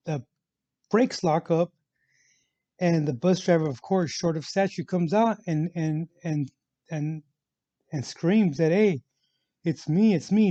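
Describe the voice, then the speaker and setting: A fairly high-pitched man with a dark tone rambles casually through a travel story from his own life on his vlog. He restarts often, leans on fillers, and repeats the word "actual." The sound is dull and lo-fi, completely dry with no echo.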